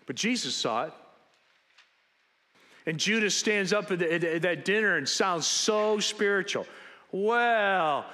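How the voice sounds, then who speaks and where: Animated male preacher, bright voice, reverberant hall. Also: high voice, unhurried, pauses often. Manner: animated storytelling, acting out biblical characters. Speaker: pastor. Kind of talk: sermon.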